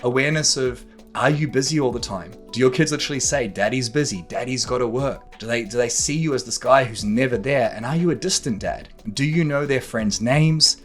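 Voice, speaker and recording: A man delivering a straight-talking coaching monologue, his pitch sitting in the middle range for a man. He swears freely and drives his points with pointed rhetorical questions. Faint music plays softly underneath. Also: fairly quick. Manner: blunt, swears often, emphatic rhetorical questions. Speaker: podcast host and coach. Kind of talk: direct-to-camera coaching monologue.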